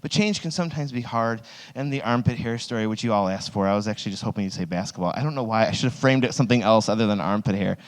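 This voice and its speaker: A man's voice: fairly low pitch, fast talker, hardly any pauses. A man in his thirties, a youth pastor, telling a rambling, self-mocking personal story in a sermon, full of "like" fillers, on stage microphones. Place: large hall with an audience. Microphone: two stage microphones. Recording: long hall reverb.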